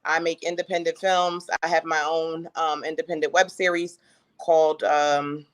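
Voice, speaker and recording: A woman, co-hosting a casual livestream talk show, animated and quick in bursts with casual slang. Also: sits low. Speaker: co-host and author.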